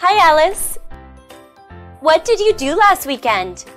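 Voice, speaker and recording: A woman's voice: very high-pitched, sing-song, slow, soft background music, full character voice. A woman voicing a cheerful young woman friend in a scripted textbook dialogue, asking eager questions. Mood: curious.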